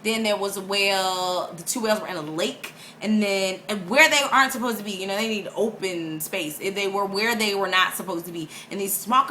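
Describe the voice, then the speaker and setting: A young woman with a bright, forceful voice tells a personal story to camera in an easy, chatty way. She laughs often and acts out quotes, and a faint hiss of noise sits under her voice. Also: mid-range voice, fairly quick, hardly any pauses. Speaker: vlogger. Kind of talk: casual storytelling vlog.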